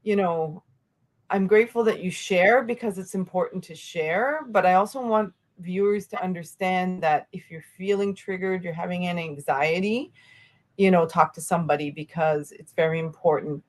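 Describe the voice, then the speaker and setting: A woman with a lowish voice hosts a conversational podcast interview. She speaks earnestly and haltingly, pausing on fillers and restarting her sentences. Her tone is steady and supportive. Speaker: podcast host.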